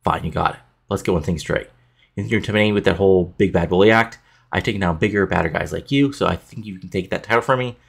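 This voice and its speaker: A proud male wrestling champion brushing off a bully, as a man puts him on in a game playthrough. He talks defiantly, low and fast. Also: creaky, slightly rough, full character voice. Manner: dismissive, defiant.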